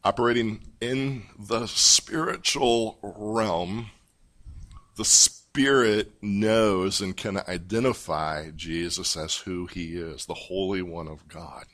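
A man preaching a sermon, teaching through a Bible passage in a measured, emphatic way. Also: lowish voice, fairly bright tone. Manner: measured, emphatic teaching delivery with pauses and restarts. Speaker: pastor. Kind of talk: expository sermon.

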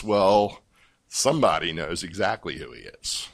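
A man preaching a sermon, teaching through a Bible passage in a measured, emphatic way. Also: on the low side, animated. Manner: measured, emphatic teaching delivery with pauses and restarts. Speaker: pastor. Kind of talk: expository sermon.

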